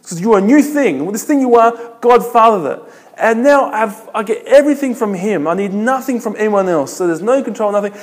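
A man's voice: high-pitched, animated, a little fast. Emphatic man preaching in a reverberant hall. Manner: emphatic, repetitive preaching with rhetorical questions. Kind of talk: sermon. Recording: long reverb of a large hall.

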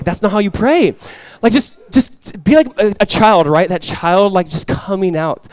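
A man's voice: high-pitched, normal speed, few pauses, no echo. Upbeat male pastor preaching casually. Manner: conversational, joking, acts out quotes. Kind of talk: sermon.

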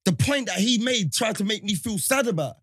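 A man's voice: sits high, expressive, brisk, a bit bright, slightly rough, dry recording, clean studio sound, soft background music. A man, a podcast co-host arguing in heated casual banter, insistent and slangy. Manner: insistent, talks over others, slang-heavy.

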